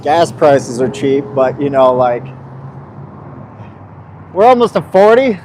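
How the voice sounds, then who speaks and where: A man's voice: on the high side, sing-song, slow pace, darkish tone, a little hiss or hum. Young man with a sore, slurring mouth. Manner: rambling, swearing, laughing at himself. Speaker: vlogger. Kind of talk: casual vlog chat.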